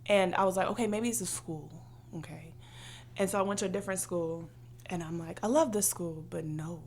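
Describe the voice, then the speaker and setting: Animated woman telling a story. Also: fairly low pitch, fairly quick, slight background noise. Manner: animated storyteller, acts out quoted voices. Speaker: podcast co-host. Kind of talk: casual chat.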